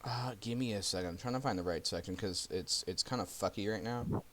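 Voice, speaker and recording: A man with a very low voice runs a tabletop game. He talks haltingly, full of fillers and restarts. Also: fairly bright tone. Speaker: game master.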